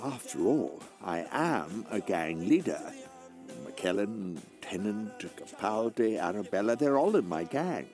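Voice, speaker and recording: A Scottish man narrating a scripted comedy in a deadpan, self-important way. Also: lowish voice, unhurried, faint music behind. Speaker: actor narrating his own story. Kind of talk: scripted comedy monologue and dialogue.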